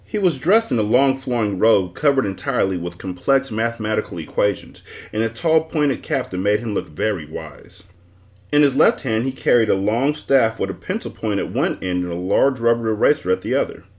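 A man's voice: on the low side, sing-song, brisk, a little mellow. A man reading a children's novel aloud as the host of a book club show.

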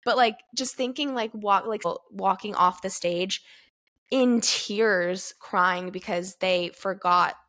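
A woman in her twenties co-hosting a podcast, talking casually with lots of "like" and lively retellings. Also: medium pitch, slow. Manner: chatty, heavy use of "like", animated retellings. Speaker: podcast co-host. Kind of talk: casual chat.

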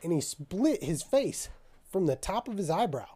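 A man's voice: high-pitched, normal speed, slightly rough. Profane young man telling a story. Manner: profane, animated storytelling with quoted dialogue. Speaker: storyteller in a casual podcast chat. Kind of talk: casual chat.

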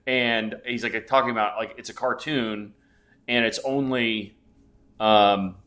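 Bright-voiced man in his fifties rambling. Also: fairly low pitch, steady tone, unhurried. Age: 50s. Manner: rambling storyteller, swears freely. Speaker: podcast co-host. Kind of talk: casual chat.

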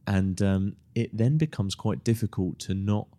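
Low-voiced man hosting a podcast. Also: dark tone. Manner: reflective, halting, repeats words as he thinks. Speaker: podcast host. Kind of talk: casual podcast conversation.

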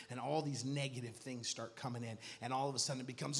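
A man preaching a sermon as pastor, moving from quiet teaching to shouted declarations. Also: mid-range voice, steady tone, fast talker, hardly any pauses. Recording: long hall reverb.

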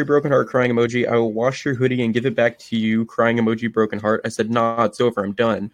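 A man's voice: mid-range voice, flat delivery, fast talker, hardly any pauses, no room sound. Young man reading texts aloud, dry sound. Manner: swearing, stops and restarts himself. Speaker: podcast host. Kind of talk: casual chat, reading text messages aloud.

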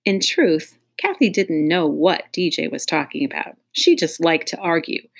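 A woman's voice: sits low, sing-song, a little slow, vocal fry. A woman reading a children's audiobook aloud in a playful way, speaking directly to young listeners. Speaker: audiobook reader.

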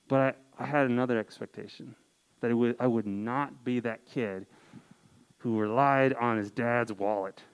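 A man's voice: medium pitch, normal speed, vocal fry, rough recording. A young man in his twenties preaching to a campus group, telling a personal story earnestly with casual "like" fillers. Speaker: campus ministry speaker. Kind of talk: sermon.

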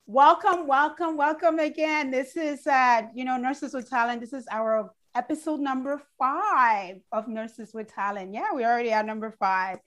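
A woman hosting a casual online chat show, effusive and gushing with excitement about her guest. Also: sits high, moderate pace, hardly any pauses. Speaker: show host.

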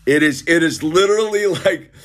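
A middle-aged man with a slightly raised pitch rants casually and sarcastically. He rambles, trips over his words and restarts sentences. He keeps calling the listener "dude". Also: normal speed, a bit bright. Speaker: commentator. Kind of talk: casual ranting monologue.

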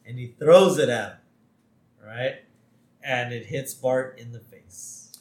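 A man's voice: medium pitch, takes it slowly. Easygoing man in an echoey room. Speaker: podcast co-host. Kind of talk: casual episode recap.

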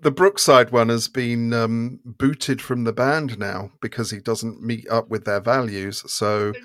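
A man's voice: mid-range voice, fairly even intonation, a little slow, a bit bright, no room sound. A man co-hosting a podcast, telling wry anecdotes and laughing heartily at them. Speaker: podcast co-host. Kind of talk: casual podcast chat.

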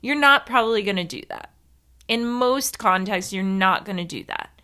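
A woman's voice: medium pitch, expressive, moderate pace, pushed and bright. A woman hosting a podcast on her own, chatting casually in a rambling, self-mocking way with some swearing. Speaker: podcast host. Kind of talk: casual solo podcast chat.

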